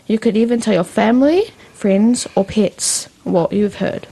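A woman's voice: mid-range voice, unhurried, creaky, mellow, slightly rough, poor audio. A girl reading out a fact report on student radio, careful and earnest. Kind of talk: read-aloud fact report.

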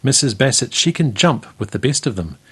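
A man's voice: mid-range voice, sing-song, fairly quick, husky. Man putting on a sly old Irish farmer. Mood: wheedling. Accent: Irish brogue. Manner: wheedling, stammering excuses.

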